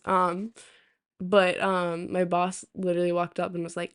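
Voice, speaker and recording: A young woman streaming to her chat tells a rambling, casual story full of fillers and restarts, hiccuping as she goes. Her voice is fairly low, a bit bright and smooth, with a flat delivery at normal speed.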